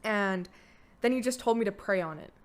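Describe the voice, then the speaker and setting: A woman's voice: mid-range voice, moderate pace. A young woman telling her own story on a podcast, candid and casual, full of "like" fillers and blunt swearing. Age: young adult. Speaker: podcast guest, host's daughter.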